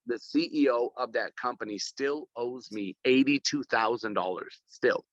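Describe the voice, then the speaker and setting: A man's voice: medium pitch, normal speed, no room sound, lo-fi sound. A man speaking on a video call from his phone at an office, rambling and effusive with many restarts. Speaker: guest speaker. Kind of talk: casual video call talk. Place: corporate office.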